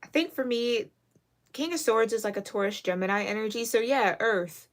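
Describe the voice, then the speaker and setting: A woman giving a casual tarot reading, chatty and excitable, with many fillers and restarts. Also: fairly high pitch, moderate pace. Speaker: tarot reader.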